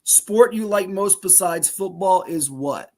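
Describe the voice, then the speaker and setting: A man hosting a sports podcast, asking quick questions in an upbeat, easygoing manner. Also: sits high, dark tone. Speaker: podcast host.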